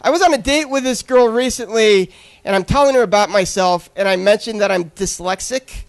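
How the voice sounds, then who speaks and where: A man's voice: sits high, fairly quick. A young man doing a stand-up comedy set on a club stage, telling awkward self-deprecating stories with crude jokes.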